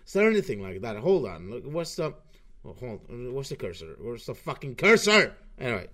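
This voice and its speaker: A man's voice: mid-range voice, very animated, fairly quick, fairly bright tone. A young man ranting through online commentary over a screen recording, profane and sarcastic, often restarting his sentences.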